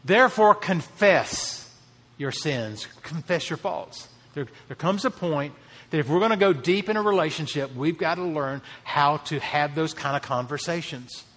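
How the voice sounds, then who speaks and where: A man's voice: a little high, expressive, normal speed, a bit bright, big-room sound. A man preaching a sermon as a pastor, earnest, lifting his voice to stress key phrases.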